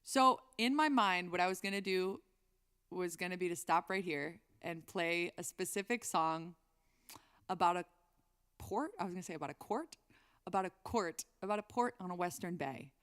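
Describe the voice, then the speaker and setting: A woman's voice: fairly low pitch, normal speed, fairly bright tone, clear, resonant tone. A woman singer-songwriter chatting on a live stream between songs, rambling and reading chat aloud.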